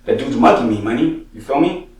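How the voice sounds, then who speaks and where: A man rattles off a street story at a quick clip, cursing freely and dropping slang fillers every few words. His voice sounds roomy and a little distant, as if the mic sits some way off in an echoing room. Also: mid-range voice, animated, a little mellow. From San Jose, Northern California. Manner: profane, slangy, sprinkles "money" and "you know what I'm saying". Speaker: rapper telling his own stories.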